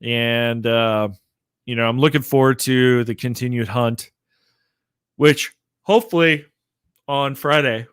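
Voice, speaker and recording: A man's voice: medium pitch, fairly even intonation, slow pace, pauses often, a bit bright, clear, resonant tone, no room sound, studio quality. A sleepy man chatting casually on his own live stream about comics, rambling with lots of fillers. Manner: rambling, filler-heavy, laid-back. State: sleepy, yawning. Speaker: comic book vlogger.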